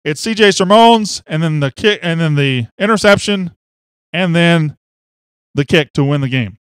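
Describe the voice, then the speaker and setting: A man hosting a sports podcast in casual chat, excitable and teasing, swinging from loud bursts to quiet asides. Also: fairly high pitch, moderate pace, clean tone, dry recording. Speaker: podcast host.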